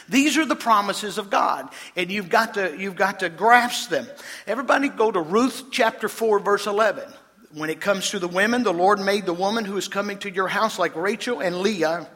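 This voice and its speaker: A man's voice: high voice, fairly bright tone, long reverb tail. A man preaching a sermon as pastor, quizzing the congregation and reading scripture aloud. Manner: preaching, addressing congregation with questions.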